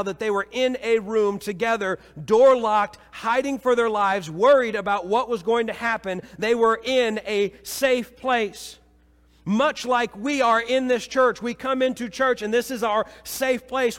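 A pastor from Missouri, married with children, preaching a sermon in a church, moving between lively storytelling and low, solemn appeals. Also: male voice. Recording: reverberant church hall.

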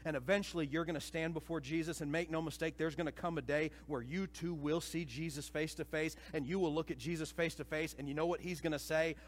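A man preaching a sermon to a church congregation, dramatic, swinging between hushed and loud passages and acting out voices. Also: a little high, fairly even intonation, brisk, few pauses, a little hiss or hum. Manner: acts out quoted voices. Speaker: pastor. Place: church sanctuary. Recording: reverberant church hall.

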